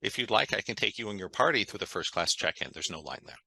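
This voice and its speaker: A man's voice: lowish voice, big pitch swings, quick pace, creaky, bright, forceful tone, husky, dry recording, full character voice. A man voicing a polite woman airport security officer in a story he tells. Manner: courteous, helpful.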